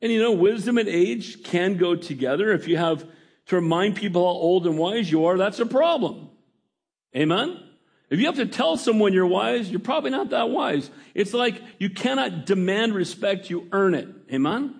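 A man's voice: high voice, animated, moderate pace, creaky, husky. A middle-aged man preaching a sermon in a conversational way, often asking the congregation for an amen. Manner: conversational, calls for amens. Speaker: pastor.

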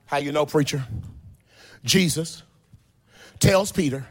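A man preaching a sermon who tells scripture stories in casual slang and builds to a sung, shouted climax. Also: moderate pace, pauses often. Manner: animated, drops low and quiet for storytelling, then rises to a sung, shouted climax.

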